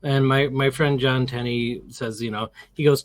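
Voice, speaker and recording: A man's voice: medium pitch, fairly even intonation, moderate pace, few pauses, no room sound. A middle-aged man as an interview guest, telling a story casually and animatedly, acting out the quotes and restarting his sentences often.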